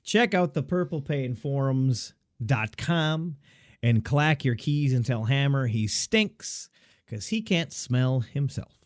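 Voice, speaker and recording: A man's voice: mid-range voice, animated, slow pace, no room sound, clean studio sound. A man co-hosting a casual podcast, joking and teasing his partner. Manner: joking, teasing, laughs often. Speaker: podcast co-host.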